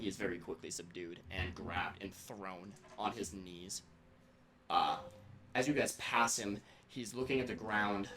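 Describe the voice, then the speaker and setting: A man narrating a tabletop game as game master, quickly and vividly setting the scene. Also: lowish voice. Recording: echoey room with background noise.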